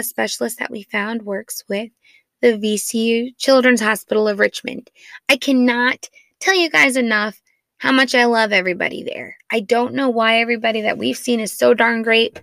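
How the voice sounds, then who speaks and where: With a gravelly, slightly bright voice that sits a little high, this thirtysomething mother of four rambles through a family story at normal speed. Her casual podcast telling is chatty and self-deprecating, full of "like," and the recording is dry.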